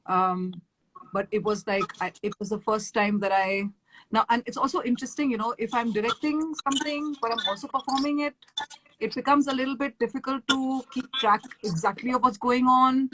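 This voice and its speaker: An animated woman with an Indian English accent shares stories in a casual live-stream chat. Her voice sits a bit high, and she acts out the lines she quotes, with plenty of fillers along the way. A faint noise hums under the stream. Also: moderate pace. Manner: animated storytelling with many fillers and acted-out quotes. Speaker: guest musician.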